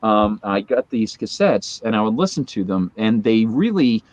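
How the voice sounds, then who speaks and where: A man's voice: on the low side, big pitch swings, normal speed, a little mellow. A man in his forties, a guest in a casual chat, telling a long story full of fillers and asides. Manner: rambling anecdotal storytelling with many fillers.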